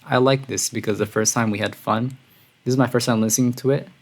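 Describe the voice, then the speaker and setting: A man streaming a music reaction, talking casually and excitedly, breathless and calling his viewers "bro". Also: mid-range voice, quick pace. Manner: excitable, says "bro" often, gushing. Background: song playing quietly.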